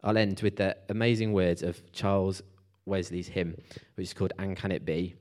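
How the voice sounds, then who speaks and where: A man's voice: low-pitched, little pitch movement, moderate pace, a little mellow. A man preaching a casual, conversational sermon to a church group, with fillers and restarts.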